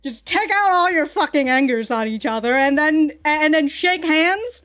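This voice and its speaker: A woman's voice: sits high, expressive, moderate pace, fairly bright tone. A woman hosting a casual reaction commentary who swears a lot, laughs often and rambles with restarts. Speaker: reaction video host.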